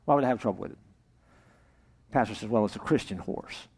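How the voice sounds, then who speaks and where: A man's voice: on the low side, fast talker, breathy edge. A male pastor preaching a sermon to a congregation, telling a joke with acted-out voices. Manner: animated storytelling, jokes and acted-out voices. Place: church service with congregation.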